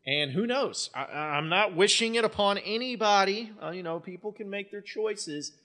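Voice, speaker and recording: A man hosting a sports podcast, talking casually in animated bursts, full of restarts and fillers. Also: sits high, moderate pace. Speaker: podcast host.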